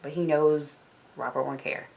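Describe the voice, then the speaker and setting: A woman vlogger retells a novel in a loose, chatty way. She leans on filler words as she goes, and her voice sits a little low. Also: flat delivery, normal speed, vocal fry, a little mellow. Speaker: book discussion vlogger. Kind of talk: casual book recap.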